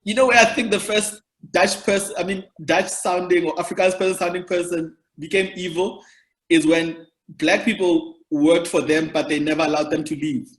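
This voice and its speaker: High-voiced South African man. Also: steady tone, moderate pace. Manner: rambling storyteller, explains history at length. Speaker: podcast host, comedian. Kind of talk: casual podcast chat. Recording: roomy echo.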